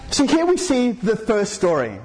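A man's voice: high-pitched, wildly swooping pitch, normal speed, a little mellow, slight background noise. A man preaching a sermon in a conversational way, full of "you know" fillers and questions put to the congregation.

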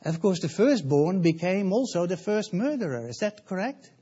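A man's voice: high voice, big pitch swings, normal speed, mellow, slightly rough. A man preaching a sermon, emphatic, repeating key words and putting questions to his listeners. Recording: dull lo-fi sound.

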